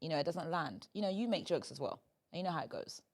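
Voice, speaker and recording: A woman hosting a comedy podcast in casual chat, emphatic and teasing, jumping from loud bursts to quiet asides. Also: low-pitched, lively intonation, fast. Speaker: podcast host.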